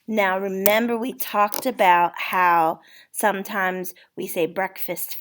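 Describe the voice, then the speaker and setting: Woman teacher going through spelling words super slow, patient, sounding out letters. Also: medium pitch, fairly even intonation, a bit bright. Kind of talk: spelling lesson for a child.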